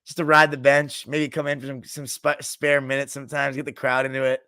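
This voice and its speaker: A man's voice: mid-range voice, flat delivery, brisk, sharp tone, no echo, studio quality. A man hosting a sports podcast, chatting loosely and joking with his live chat, swearing freely and now and then mimicking coaches. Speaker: podcast host. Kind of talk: casual sports talk, reading live chat.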